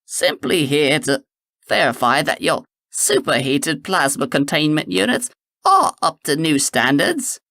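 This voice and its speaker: A man voicing an eccentric, smooth-talking male time traveler in an audiobook, with a glib, officious delivery. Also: fairly high pitch, very animated, a little slow, sharp tone, dry recording, clean studio sound, full character voice.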